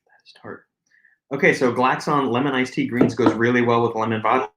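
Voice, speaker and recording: A man co-hosting a casual live chat, calm and measured, thanking viewers as he goes. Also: mid-range voice, roomy sound, over a noisy crowd. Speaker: co-host.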